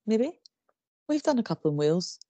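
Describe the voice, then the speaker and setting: A woman's voice: medium pitch, big pitch swings, moderate pace, mellow, no echo. A woman co-hosting a true-crime podcast, chatting casually in a rambling way and laughing often. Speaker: podcast co-host.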